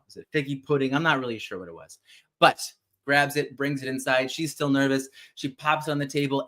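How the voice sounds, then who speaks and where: A podcast host with a mid-range voice is running a casual live show. He retells a favorite story in an animated, chatty way, swearing offhandedly now and then.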